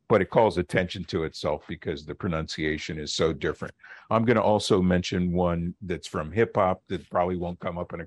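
Deep-voiced man explaining on radio. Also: dry recording. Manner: measured, lecturing with pauses. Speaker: linguist guest. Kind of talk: explaining on a call-in radio show.

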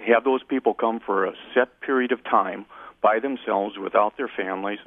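A man calling into a radio show who speaks bluntly and holds firm opinions. His low, gravelly voice comes through a tinny phone line, and the sound is dry. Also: normal speed, no room sound. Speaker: caller.

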